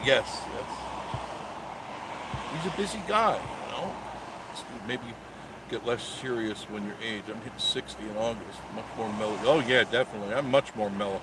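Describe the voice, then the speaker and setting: A man's voice: medium pitch, lively intonation, moderate pace, very noisy. A man in his sixties hosting a live stream, chatting casually and joking sarcastically as he reads viewer comments. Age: 60s.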